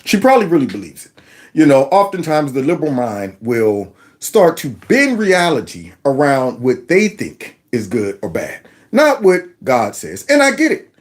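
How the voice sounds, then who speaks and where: Animated, sarcastic male commentator. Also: medium pitch, moderate pace. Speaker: commentary host. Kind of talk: reaction commentary.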